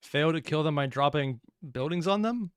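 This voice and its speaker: A male reaction host trades sarcastic jokes as he comments on a story. His voice is smooth and crisp, sits a bit high, and is recorded close and dry with no room sound. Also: expressive, moderate pace, dry recording. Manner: sarcastic, joking asides. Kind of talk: casual commentary.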